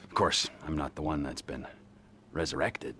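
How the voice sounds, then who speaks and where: A man's voice: extremely low pitch, normal speed, bright, forceful tone, a little hiss or hum. An actor playing a volatile, menacing male criminal in a video game cutscene, talking in a mocking, sarcastic way. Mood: sneering. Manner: mocking, sarcastic, lurches between sneer and fake cheer.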